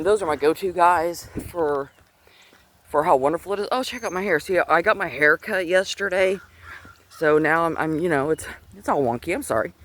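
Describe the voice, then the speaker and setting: A middle-aged man with a voice on the high side vlogs about faith while walking outside on a chilly day. Slightly out of breath, he rambles earnestly through a personal story with many restarts, and his Bluetooth earpiece catches slight background noise.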